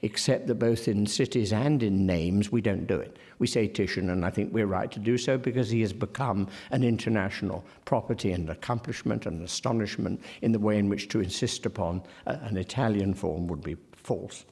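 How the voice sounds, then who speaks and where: A man's voice: lowish voice, a little mellow, breathy edge. Wry, digressive male scholar lecturing. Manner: digressive and wry, slowing to carefully enunciate example words; frequent ums and self-corrections. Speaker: literary scholar giving a lecture. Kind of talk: academic lecture.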